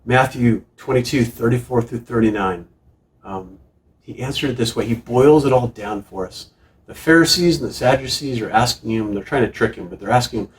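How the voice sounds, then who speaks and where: Earnest middle-aged pastor preaching. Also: male voice, mid-range voice, normal speed. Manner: earnest, emphatic exhortations with frequent restarts. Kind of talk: sermon. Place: church sanctuary. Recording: distant room mic in a church.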